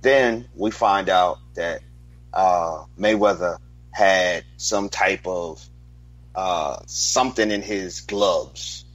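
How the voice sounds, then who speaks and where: A man in a heated sports debate, arguing in a deliberate, emphatic way. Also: low voice, a bit bright, no room sound. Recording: dull lo-fi dry sound.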